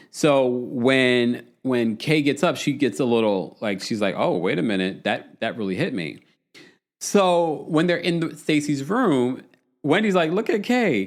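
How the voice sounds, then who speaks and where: A man hosting a live-streamed reality show recap, chatting casually, reading viewer comments and acting out quotes with laughter. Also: mid-range voice. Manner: chatty, laughs often, acts out quotes in raised voices. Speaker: podcast host.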